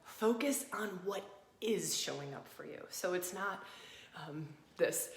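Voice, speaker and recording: A woman teaching embodied astrology, guiding listeners through a practice in a gentle, inviting way and repeating phrases for emphasis. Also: on the low side, lively intonation, unhurried. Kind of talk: guided practice talk to a live audience. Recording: roomy echo.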